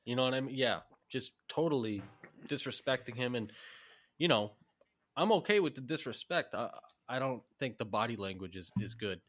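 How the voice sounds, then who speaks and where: A man co-hosting a sports podcast, giving quick opinions in casual chat with frequent restarts. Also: mid-range voice, lively intonation, fairly bright tone. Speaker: podcast co-host.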